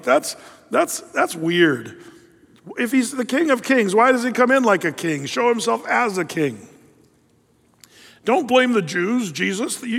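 A male pastor teaching a Bible passage in a chatty, digressive sermon full of asides and rhetorical questions, clearing his throat often. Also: high-pitched, a bit bright. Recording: long echoey hall reverb.

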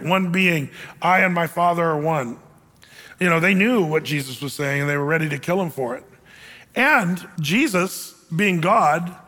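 A man's voice: a little high, sharp tone, long reverb tail. A man preaching a sermon in an emphatic, conversational way, acting out quotes as he goes. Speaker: pastor.

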